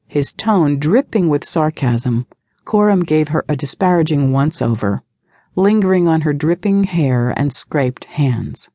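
Mellow woman narrating a novel. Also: deep voice, expressive, a little slow, dry recording, studio quality. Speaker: audiobook narrator. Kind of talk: scripted narration.

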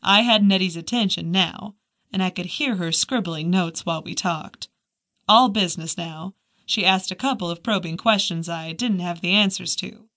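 A woman's voice: on the low side, normal speed, fairly bright tone. Woman reading a mystery audiobook. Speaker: audiobook narrator. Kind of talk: scripted narration of a mystery novel.

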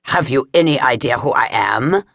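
A woman's voice: very deep voice, big pitch swings, slow, gravelly, darkish tone, breathy edge, no room sound, exaggerated voice. A woman narrator voicing an arrogant male vampire who snarls and roars in an audiobook. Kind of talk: audiobook character voice.

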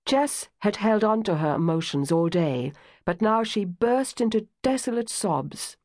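A woman narrating an audiobook in a lively, expressive reading. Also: medium pitch, unhurried, no echo, clean studio sound. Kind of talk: scripted narration.

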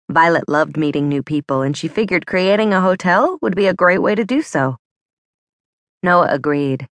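A woman narrating a children's adventure audiobook in clear, measured storytelling. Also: on the low side, lively intonation, no echo, clean studio sound. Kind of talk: scripted narration.

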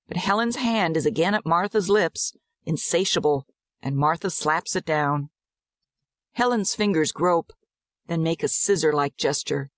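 A woman narrating a dramatized audiobook in a measured, descriptive way. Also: low voice, no room sound, studio quality.

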